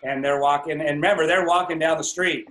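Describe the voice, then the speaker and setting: A fired-up male coach speaking over a video call, his voice sitting a little high for a man. He swings into loud, excited affirmations. The room around him rings with echo. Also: brisk. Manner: energetic, acts out exclamatory affirmations. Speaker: network marketing coach.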